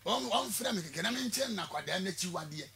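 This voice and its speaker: A Ghanaian prophet being interviewed on the radio, a man with a Ghanaian accent who talks forcefully and repeats words to press his point. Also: high voice, lively intonation, quick pace, gravelly, a crowd in the background. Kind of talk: radio interview in Twi mixed with English.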